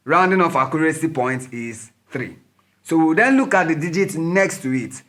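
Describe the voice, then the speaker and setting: A man's voice: a little high, fairly bright tone. Patient man teaching a maths lesson. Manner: patient, methodical, counts digits aloud. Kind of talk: step-by-step maths tutorial.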